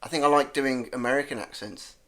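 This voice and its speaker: A man with a strong Brummie accent chats as a podcast guest comedian. His talk is rambling and jokey, full of restarts and self-corrections as he works through an idea. His pitch sits in an ordinary middle range for a man. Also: brisk, a bit bright. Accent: Birmingham (Brummie). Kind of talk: casual podcast chat.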